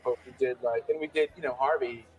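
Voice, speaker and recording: A man telling an animated, profane anecdote in an archived clip, imitating a producer. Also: medium pitch, fast, phone-quality sound, slight background noise. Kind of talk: storytelling anecdote. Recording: clip with loud crowd behind.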